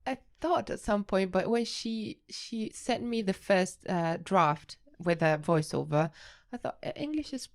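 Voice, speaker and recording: A woman with an Italian accent, a researcher being interviewed on a podcast, who hesitates and restarts often but gets animated when she explains. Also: medium pitch, a little slow, few pauses. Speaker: guest researcher.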